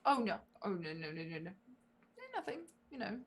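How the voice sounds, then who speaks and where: A woman's voice: mid-range voice, sing-song, normal speed, fairly bright tone, breathy edge. A woman playing a tabletop role-playing game, giggly and easily flustered. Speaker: player.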